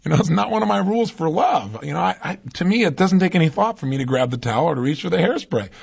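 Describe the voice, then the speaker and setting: A man's voice: sits high, animated, fast talker, vocal fry, husky. A man giving a motivational talk, speaking emphatically and putting rhetorical questions to his listeners.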